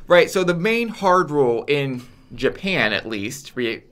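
A man's voice: a little high, lively intonation, a little slow, fairly bright tone. A man co-hosting a casual podcast chat, wry and fond of quoting lines in mock voices. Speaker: podcast co-host.

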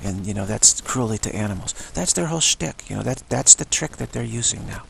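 A man's voice: lowish voice, animated, fairly quick, gravelly, a bit bright, slight background noise, poor audio. A male yoga teacher giving a rambling spiritual talk, emphatic and full of repetition. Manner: emphatic, repeats himself.

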